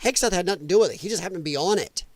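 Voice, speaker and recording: A man's voice: high-pitched, rapid-fire, dry recording. A middle-aged man from Illinois hosting a live political commentary stream. He swears freely, laughs often and slips into sarcastic, mocking voices. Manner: animated, drops into sarcastic mimicking voices.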